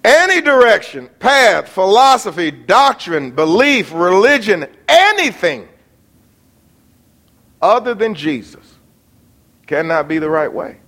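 A man preaches a sermon in a church, his voice pitched high for a man. He drifts between soft asides and ringing, emphatic lines that climb toward a shout. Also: big pitch swings, slow, long pauses. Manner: talks to the congregation and the tech operator by name. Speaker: pastor. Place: church sanctuary.

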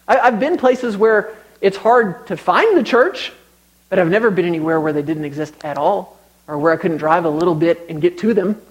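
A man's voice: high voice, lively intonation, moderate pace, rough recording. A young man preaching a sermon, telling stories conversationally and building to emphatic exhortation.

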